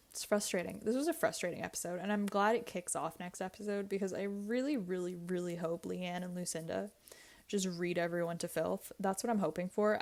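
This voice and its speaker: A woman's voice: medium pitch, creaky. A woman vlogger giving a blunt, opinionated reality TV recap, repeating herself and swearing in casual slang.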